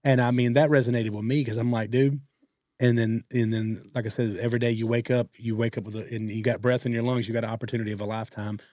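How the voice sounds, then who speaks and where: Fast-talking man telling stories. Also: mid-range voice, no room sound, studio quality. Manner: fast-talking, animated quoting of others. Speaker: podcast co-host. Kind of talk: casual storytelling.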